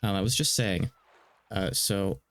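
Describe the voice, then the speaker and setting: A man's voice: low voice, measured pace. A man streaming a game, chatting in a casual, rambling way that slightly stutters. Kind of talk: casual let's-play commentary.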